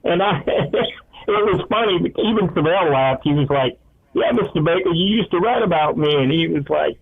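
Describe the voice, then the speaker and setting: Man, radio sports talk co-host, chatty storyteller, slightly high voice, thin phone-like sound. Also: lively intonation, normal speed, slightly rough. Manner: chatty storyteller, acts out quotes. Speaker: co-host and football analyst. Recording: tinny phone-like radio line.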